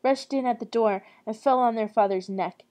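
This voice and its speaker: A woman's voice: fairly high pitch, moderate pace. A woman reading a fairy tale aloud in a casual, giggly way, often breaking off to comment. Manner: animated, giggly, self-interrupting. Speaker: storyteller. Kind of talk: casual read-aloud with chatty asides.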